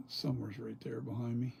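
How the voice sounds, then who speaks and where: Speaking straight to his followers from his home workshop, a weary middle-aged man who crafts masks chats in a loose, wandering vlog style on his phone camera. He has a warm, mid-range voice with vocal fry, steady in tone and normal in speed, over a faint hiss or hum.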